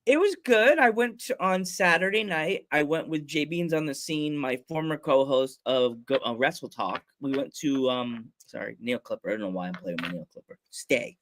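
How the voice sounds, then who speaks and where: This podcast host has a fairly high-pitched voice and talks at a moderate pace with few pauses. In a casual chat, he tells rambling stories full of restarts and laughter, animating scenes with funny voices and sound effects.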